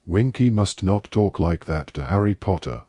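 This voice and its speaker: A man's voice: low voice, expressive, normal speed, dark tone, slightly rough, dry recording, heavily acted. A man doing an earnest servile male house elf.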